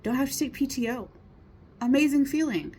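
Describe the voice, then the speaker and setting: Speaking fairly quickly in a high, husky voice with a darkish tone, a woman in her thirties delivers a casual motivational talk. She's earnest and encouraging, constantly checking in with rhetorical "right?"s.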